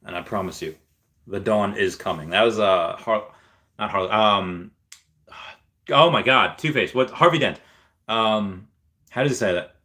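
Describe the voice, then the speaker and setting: A man hosts a relaxed livestream at an unhurried pace with long pauses, reading viewers' chat messages aloud. He thinks out loud with fillers and now and then breaks into high squeals of delight.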